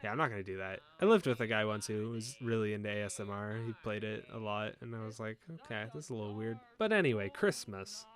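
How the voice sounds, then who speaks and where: Young man, casual commentary host, lively pitch, joking, mock-outraged asides. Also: fast talker, hardly any pauses.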